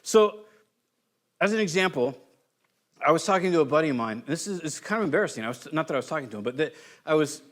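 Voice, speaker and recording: A man's voice: on the high side, fast talker, pauses often. A man from California preaching a sermon as pastor, telling stories in a loose, conversational way and acting out quotes. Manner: conversational, animated storytelling with voiced quotes.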